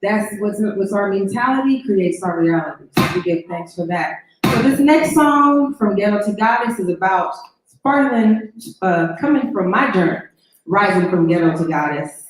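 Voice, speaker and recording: A woman's voice: mid-range voice, expressive, moderate pace. A young adult woman, a musical guest, giving a rhythmic live spoken-word performance of repeated affirmations. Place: live event venue. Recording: very echoey live room with music.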